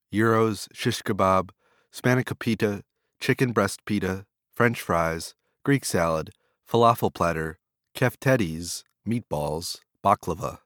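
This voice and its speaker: A man reading a long list of food vendors and menu items in a steady, flat delivery. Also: deep voice, dry recording, clean studio sound.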